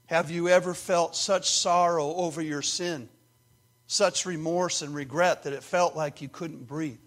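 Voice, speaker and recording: A male pastor preaches an earnest sermon with a slightly high voice. He drops to quiet, confiding asides and then builds back up to emphatic points. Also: fairly even intonation, a little slow. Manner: earnest, swings from hushed to emphatic.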